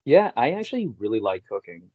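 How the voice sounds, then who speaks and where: A man's voice: medium pitch, sing-song, fast talker, no room sound, lo-fi sound. A man who works as a voice actor and actor, a guest chatting in an easygoing, laid-back way and laughing often. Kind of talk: casual interview chat.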